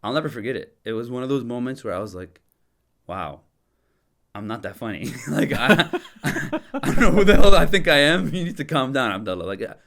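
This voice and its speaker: A young man from Michigan casually telling a story as a podcast guest, animated and slangy, laughing and swearing as he goes. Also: medium pitch, fast talker. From Dearborn, Michigan.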